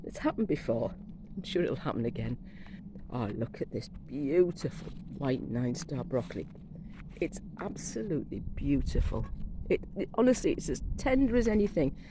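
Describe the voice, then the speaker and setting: A woman's voice: a bass voice, very animated, moderate pace, noisy background. A middle-aged woman, chatting casually as she walks round her back garden, rambling and gushing over her plants while coming down with a cold. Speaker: gardening vlogger. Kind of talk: casual garden walk-through. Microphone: phone camera carried while walking.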